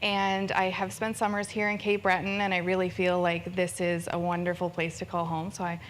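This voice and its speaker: A woman's voice: lowish voice, monotone, normal speed, slight background noise. A woman from Ontario in her thirties gives a candid, self-deprecating personal story at a fundraiser on stage, laughing often. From Ontario, Canada. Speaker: fundraiser speaker. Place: event stage with audience.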